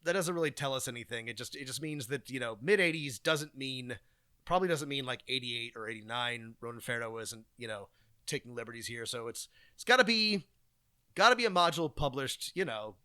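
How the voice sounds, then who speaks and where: A man's voice: mid-range voice, animated, fairly quick, sharp tone, clear, resonant tone, dry recording, clean studio sound. A man co-hosting a podcast in casual chat, rambling and hesitant with many ums and restarts. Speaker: podcast co-host.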